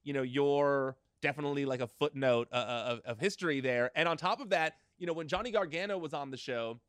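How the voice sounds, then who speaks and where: Male interview host, chatty and rambling, slightly higher voice, dry close sound on a video call. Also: a little fast, fairly bright tone, dry recording. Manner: chatty, heavy use of "like" and "you know". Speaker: podcast host. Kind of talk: casual interview chat.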